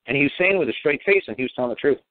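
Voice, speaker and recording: A man's voice: mid-range voice, expressive, very fast, dry recording. Guy rambling thru a family story, blunt, swears a lot, sounds like a tinny phone line. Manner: rambling, blunt, swears, acts out quoted people. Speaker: speaker telling a family story. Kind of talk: casual storytelling.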